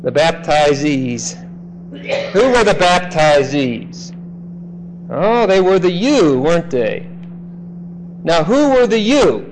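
A man teaching a classroom Bible lecture, slow and emphatic, often checking in with "okay?". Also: on the high side, very animated, a little hiss or hum, poor audio.

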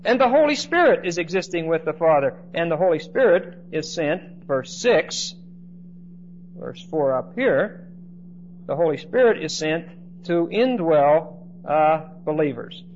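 A man's voice: fairly high pitch, animated, measured pace. A man teaching a Bible class in lecture style, often checking in with his listeners by asking "okay?". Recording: dull lo-fi recording with faint noise.

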